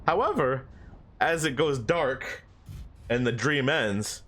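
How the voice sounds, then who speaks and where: A man's voice: medium pitch, expressive, slow pace, a bit bright. A young man telling a story about his dream in a rambling, laughing way, swearing often. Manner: rambling, swears a lot, laughs between lines. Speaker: streamer.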